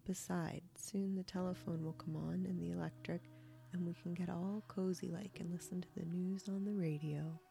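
A woman reading the lines of a stern, caring old grandmother who scolds softly. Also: on the low side, steady tone, moderate pace, creaky, soft background music.

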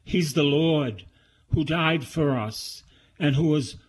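Slow-spoken priest, higher male voice. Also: slightly rough. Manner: slow, prayerful reading with reflective asides. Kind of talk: scripture reading and commentary.

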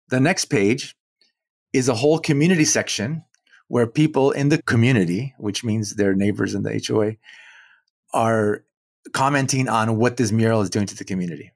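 A man tells a long story as an interview guest, animated and amused, acting out what others said to him. His voice sits at an ordinary pitch for a man, and the recording is dry with no room sound. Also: fairly quick, dry recording. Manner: animated, acts out quoted dialogue, chuckles between points. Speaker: muralist guest.

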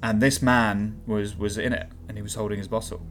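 A man's voice: fairly low pitch, level tone, brisk, soft background music. Man narrating as game master. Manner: descriptive, hesitant with fillers.

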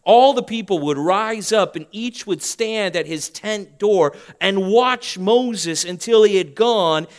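A man preaching a sermon as pastor, swinging between loud emphasis and hushed tones. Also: sits high, slow pace, few pauses.

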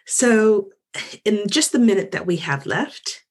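A woman's voice: mid-range voice, lively intonation, slow, slightly rough. A woman hosting a podcast interview, affirming her guest and repeating her thanks. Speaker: podcast host.

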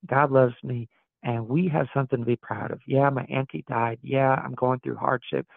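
A man's voice: mid-range voice, fairly even intonation, moderate pace, vocal fry, no echo. A man from Wisconsin, a guest pastor in a podcast interview, talking earnestly and reflectively, often restarting his sentences as he thinks aloud. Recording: tinny phone-like dry sound.

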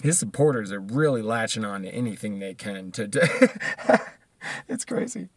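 A man's voice: lowish voice, very animated, normal speed, no room sound. A man, ranting casually and profanely in a monologue, laughing often between points.

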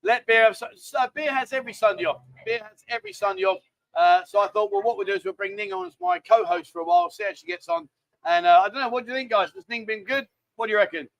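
A man's voice: very high-pitched, very animated, fast talker, creaky, fairly bright tone, no echo. A middle-aged man with a London accent hosting a live stream, chatty, jokey and rambling. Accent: London English. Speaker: livestream host. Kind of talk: casual chat.

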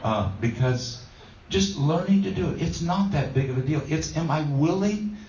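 A man's voice: a little high, animated, moderate pace, a little mellow, slight background noise. A man giving a conversational sermon as a pastor, telling a self-deprecating story with plenty of fillers. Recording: roomy, distant, dull sound.

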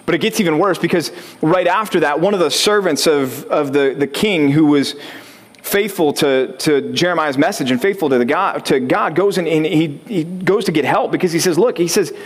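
A male pastor delivers a sermon in a fairly high voice. He talks casually and keeps asking the congregation questions. He often builds to a fervent, rising pitch. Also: moderate pace.

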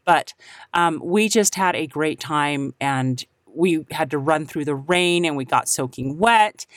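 A woman's voice: sits low, no room sound, studio quality. A woman hosting her own podcast, talking earnestly and upbeat to her listeners and closing with blessings. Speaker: podcast host. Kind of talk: solo podcast talk.

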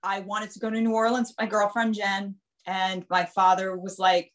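A woman guest on an interview show, telling lively stories and acting out the voices of the people in them. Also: medium pitch, normal speed, hardly any pauses. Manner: animated, acts out quoted voices in her stories. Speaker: guest, nurse and author. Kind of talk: casual storytelling interview.

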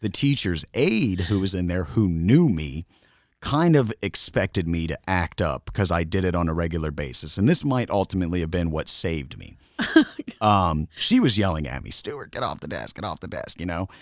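A man with a very low voice tells a story casually on a podcast, laughing often as he goes. The recording is dry and close. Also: animated, moderate pace, no room sound. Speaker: podcast co-host.

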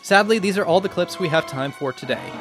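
A man hosting a podcast, reading scripted introductions smoothly. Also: high-pitched, fairly quick, over music. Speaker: podcast host. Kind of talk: scripted narration.

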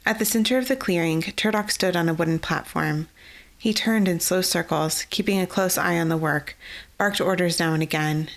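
A woman narrating a fantasy novel in a measured, even storytelling way. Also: lowish voice. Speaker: audiobook narrator.

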